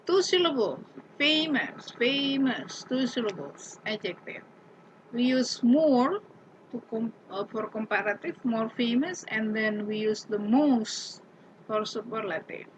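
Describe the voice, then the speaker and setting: A woman's voice: a little high, expressive, unhurried, a little hiss or hum, low-quality recording. A woman teaching an English grammar lesson. She patiently repeats example words and keeps asking the class questions.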